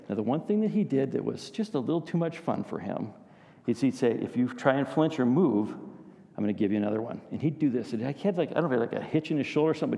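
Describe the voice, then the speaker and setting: A man's voice: medium pitch, gravelly, dark tone, long reverb tail. A man preaching a sermon to his congregation, telling stories and asking them questions. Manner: storytelling, addresses congregation with questions. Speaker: pastor.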